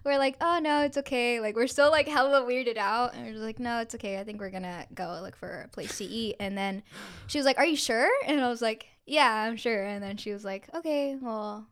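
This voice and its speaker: A young woman, a podcast co-host, telling an anecdote in casual chat, animated and full of swearing, acting out quotes with lots of "like". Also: a little high, fairly quick, smooth. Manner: animated, swears a lot, acts out quotes with filler "like".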